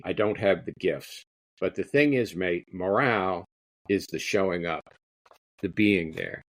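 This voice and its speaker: A man's voice: deep voice, measured pace, no echo. A man quoting a humble wartime entertainer. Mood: earnest. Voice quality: plain voice, no accent attempted. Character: humble wartime touring entertainer, modest and self-deprecating.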